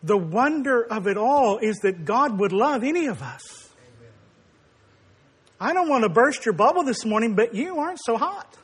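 A male preacher with a strikingly high voice delivers a sermon. He speaks with emphasis, pushing up to forceful declarations. When he tells a story, he acts out the quoted dialogue. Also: sing-song, moderate pace, husky.

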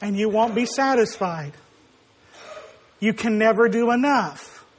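A man preaching a sermon, emphatic and rising to forceful declarations, acting out quoted dialogue as he tells a story. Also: high voice, expressive, measured pace.

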